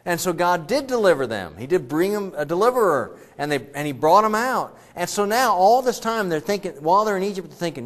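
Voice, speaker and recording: A man's voice: high voice, big pitch swings, fairly quick, few pauses, a bit bright. A man preaching a sermon as a pastor, conversational and joking as he retells the story.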